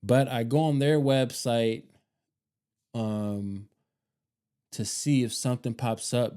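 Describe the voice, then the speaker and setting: A man hosting a homestead vlog, talking casually and rambling, repeating himself with relaxed slang. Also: mid-range voice. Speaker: homestead channel host.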